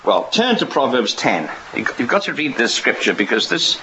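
A man's voice: medium pitch, sing-song, normal speed, background noise. A man preaching a sermon in a rambling way, often restarting and asking rhetorical questions. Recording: dull lo-fi recording.

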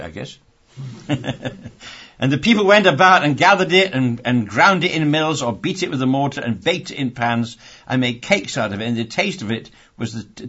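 A man's voice: medium pitch, a bit bright, breathy edge. A man preaching a sermon, reading scripture and adding wry, conversational asides. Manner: conversational and wry, with many restarts. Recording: dull lo-fi recording.

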